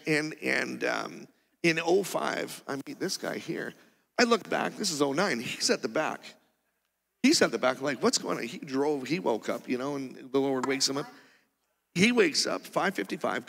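A man preaching, telling a testimony story in an animated way with loud bursts of exclamation. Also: mid-range voice, creaky, breathy edge. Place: church sanctuary. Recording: reverberant church hall.

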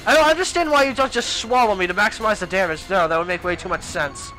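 A man's voice: sits high, lively intonation, normal speed, sharp tone, soft background music, low-quality recording. A young man commentating his own gameplay as a let's play host, exasperated and exclaiming at the game.

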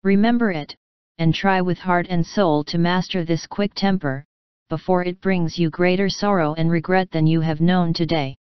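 A woman voicing a calm, tender middle-aged mother in a storybook reading, slightly dull lo-fi audio. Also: on the low side, moderate pace, clean tone, no echo, close to an everyday voice. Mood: earnest.

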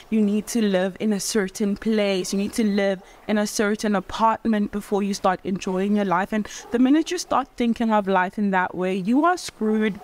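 A young woman talking casually to camera in a vlog, theatrical and animated, talking with her hands and dotting her speech with "like". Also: medium pitch. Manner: chatty, full of "like" fillers. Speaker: vlogger. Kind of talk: casual reflective vlog talk.

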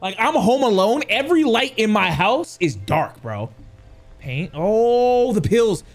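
A man's voice: high voice, big pitch swings, measured pace. A young man playing a horror game, jumpy and swearing as he talks to his chat. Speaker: gaming youtuber. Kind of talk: horror game let's play commentary.

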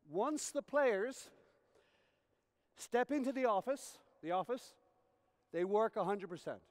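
A man giving a coaching lecture at a conference, explaining through acted-out examples and often checking in with his audience. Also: very high-pitched. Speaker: tennis coach educator. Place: conference hall. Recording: reverberant hall recording.

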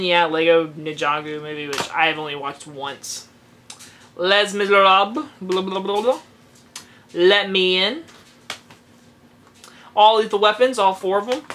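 A vlogger reading out a long list of titles in a casual way, with quick offhand and self-mocking asides. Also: medium pitch, sharp tone, slight background noise. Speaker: vlogger showing a movie collection.

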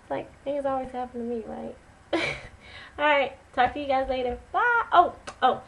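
A woman vlogger telling a story to camera in a casual, animated, chatty way. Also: sits high, moderate pace, gravelly, lo-fi sound. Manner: animated, chatty, dramatic retelling.

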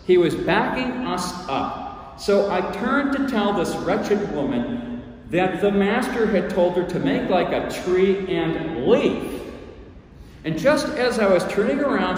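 A man preaching a dramatic first-person sermon, telling the story in character with a theatrical, expressive delivery. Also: sits high, slight background noise. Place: church sanctuary. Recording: echoey church hall from far off.

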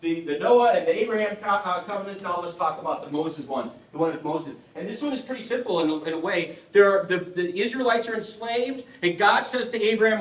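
Middle-aged man, parish speaker, higher voice, jokey and chatty, quizzes the audience, echoey hall, mic far off. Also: fairly quick, hardly any pauses. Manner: humorous, asks the audience questions. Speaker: parish adult education speaker. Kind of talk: conversational teaching talk.

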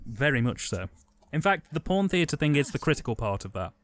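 An English man co-hosting a casual film commentary, spinning dry, deadpan absurd jokes. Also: mid-range voice, brisk. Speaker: podcast co-host.

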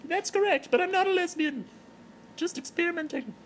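A man voicing a boozy, partying middle-aged female giraffe pop star in a high, drawn-out, self-satisfied falsetto. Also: animated, a little hiss or hum, rough recording.

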